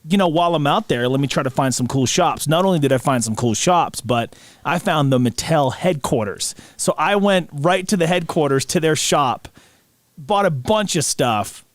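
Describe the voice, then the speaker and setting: Man, podcast co-host, slightly high voice, dry close sound, laughing storyteller. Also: moderate pace, no room sound. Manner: animated anecdote teller, laughs mid-sentence. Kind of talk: casual storytelling chat.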